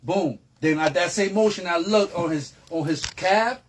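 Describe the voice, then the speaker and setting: A man's voice: high-pitched, moderate pace, a little hiss or hum. A man, a guest telling a long story in a casual, streetwise way with heavy slang and repeated phrases. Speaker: interview guest.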